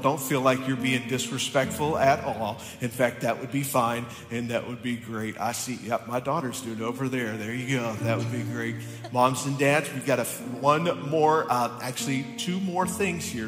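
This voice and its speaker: A man speaking as pastor to a congregation in a friendly, relaxed way, with instructions and asides. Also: medium pitch, moderate pace. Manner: friendly, relaxed, addressing a crowd. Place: large church hall. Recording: echoey hall, music behind.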